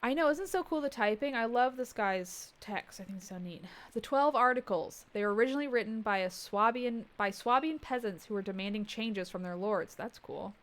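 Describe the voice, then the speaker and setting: A woman streaming a game, reading its dialogue aloud and breaking off into joking asides and soft muttered remarks. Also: on the high side, lively intonation, brisk, few pauses. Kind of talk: let's-play commentary.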